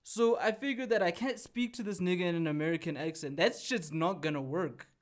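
A young man from South Africa with a somewhat high voice talks in a casual podcast chat. He is animated and blunt, swears freely, and repeats his points for emphasis. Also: a little fast.

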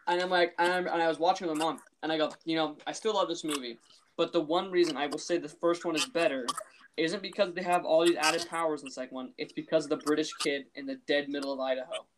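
A man co-hosting a casual podcast, chatty and amused, his sentences full of "like" and restarts. His voice sits a little higher than most men's. A faint hiss runs under his speech. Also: fairly even intonation, fast talker. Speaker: podcast co-host. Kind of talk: casual chat.

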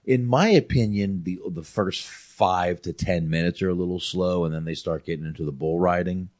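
Deep-voiced man rambling about a movie. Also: moderate pace, a little mellow, no echo. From North Carolina. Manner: rambling, frequent restarts and fillers. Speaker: podcast host. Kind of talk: casual movie review chat.

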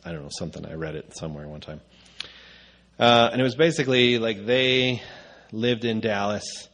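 Man, preacher, low voice, casual rambling sermon, lots of fillers. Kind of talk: conversational sermon.

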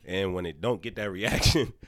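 A man's voice: sits low, moderate pace, a bit bright, dry recording. A young man co-hosting a podcast, chatting casually and animatedly, laughing often and swearing freely. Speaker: podcast co-host.

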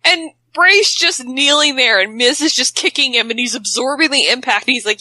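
A woman co-hosting a casual wrestling talk show, chatty and excitable, with teasing asides. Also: high voice, brisk, hardly any pauses, no echo, low-quality recording. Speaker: podcast co-host.

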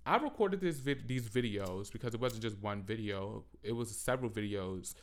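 A man hosting a casual solo podcast, talking loudly and animatedly with frequent swearing and mocking asides. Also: fairly low pitch, animated, moderate pace. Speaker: podcast host.

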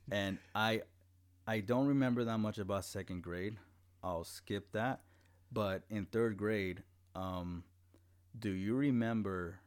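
A man's voice: fairly low pitch, takes it slowly. A young man telling stories in casual chat, profane and laughing often.

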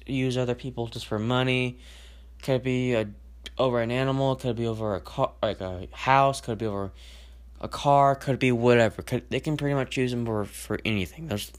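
A man talks alone into his podcast mic, venting his feelings in long, rambling stretches. He stumbles, restarts and leans on fillers as he works through what's bothering him. His voice sits in an ordinary middle range. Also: medium pitch. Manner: emotional and venting. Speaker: podcast host. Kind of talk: solo podcast monologue.

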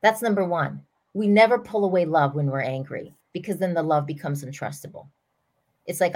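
A middle-aged woman, a parenting coach, talking through an example in an earnest, animated way as a podcast guest. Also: fairly low pitch, brisk. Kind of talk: storytelling explanation in an interview.

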